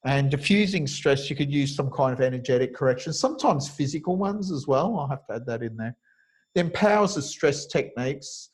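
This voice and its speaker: A man's voice: medium pitch, lively intonation, a little fast, a little mellow, husky, rough recording. A man teaching a webinar lecture over a video call, explaining step by step and thinking aloud with frequent fillers. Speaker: kinesiology teacher.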